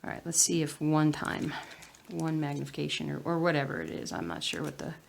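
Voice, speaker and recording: A woman's voice: low-pitched, very animated, fairly quick, gravelly, slight background noise. A woman with a Southern US accent chatting casually while she stitches at home, muttering to herself and sometimes dropping into a whisper. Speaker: cross-stitch vlogger.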